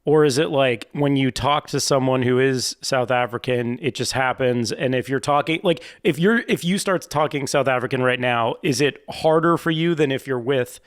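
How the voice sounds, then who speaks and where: A man hosting a casual podcast interview, asking halting questions and often restarting. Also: medium pitch, clear, resonant tone. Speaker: podcast host.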